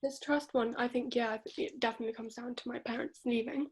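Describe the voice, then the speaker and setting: Hesitant woman with a higher husky voice. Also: steady tone, brisk, low-quality recording. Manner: hesitant, thoughtful, many fillers. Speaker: coaching client. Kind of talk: one-to-one coaching session.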